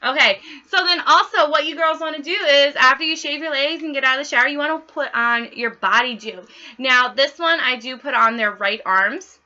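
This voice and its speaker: A young woman giving a casual training demo for home parties, talking fast in a bubbly, bawdy way. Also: high-pitched, sharp tone, dull audio. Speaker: party consultant training others.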